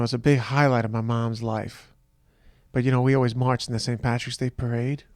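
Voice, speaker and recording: A man hosting a podcast, talking slowly and reflectively in a tired, halting personal monologue. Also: mid-range voice, darkish tone, no room sound, clean studio sound. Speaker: podcast host.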